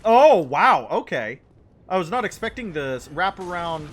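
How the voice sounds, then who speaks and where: A man's voice: sits high, very animated, unhurried, a bit bright. A young man chatting casually with his live chat while playing a game, joking and answering questions between moments of play.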